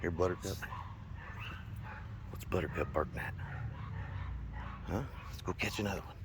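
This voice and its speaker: A man's voice: sits low, moderate pace, long pauses, noisy background. A man talking casually outdoors to his dog, coaxing and scolding it with exasperated chuckles. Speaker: dog owner. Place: outdoors near a house and garage.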